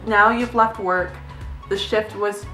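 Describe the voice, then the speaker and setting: A woman's voice: mid-range voice, steady tone, slow pace, sharp tone, roomy sound, distant mic, faint music behind. A young adult woman, a nurse, giving candid, chatty advice in a casual vlog, now and then glancing at notes and swearing lightly. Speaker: nurse vlogger.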